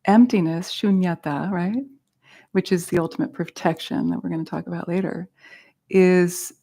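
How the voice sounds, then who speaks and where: A woman's voice: lowish voice, gravelly, warm tone. A woman teaching a meditation class, patiently explaining terms in a casual way and adding self-aware asides to the group.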